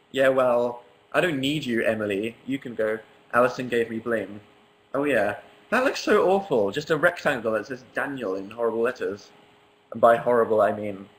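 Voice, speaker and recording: A man's voice: medium pitch, fairly bright tone, low-quality recording. A young English man chatting casually on a livestream from his apartment living room, reading viewer comments aloud with a wry, self-mocking humor. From England. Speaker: livestream host.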